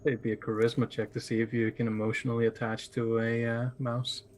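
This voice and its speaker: A man playing a tabletop game in casual talk, halting and restarting his phrases. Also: mid-range voice, monotone. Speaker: player.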